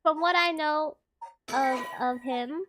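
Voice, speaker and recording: A woman's voice: high voice, takes it slowly, music in the background. A young woman streaming a game, chatting casually and giggling with her viewers. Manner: giggly, chatty, talks to chat. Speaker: gaming streamer.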